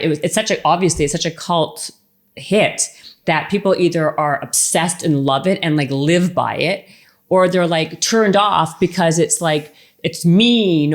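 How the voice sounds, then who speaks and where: A woman's voice: lowish voice, a little slow. Chatty woman podcast host. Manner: chatty, many "like" fillers, asks for agreement. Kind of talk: casual interview chat.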